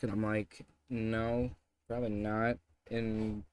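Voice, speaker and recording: A man's voice: on the low side, little pitch movement, normal speed, a little mellow, clear, resonant tone. A young man telling a story in a casual vlog, rambling and joking, with some swearing. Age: young adult. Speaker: vlogger.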